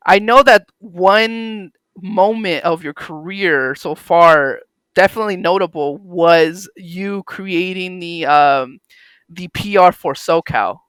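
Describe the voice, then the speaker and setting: High, smooth-voiced young male host. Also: slow, a bit bright, no room sound, rough recording. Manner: rambling, filler-heavy, encouraging interviewer. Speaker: podcast host. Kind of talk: casual chat.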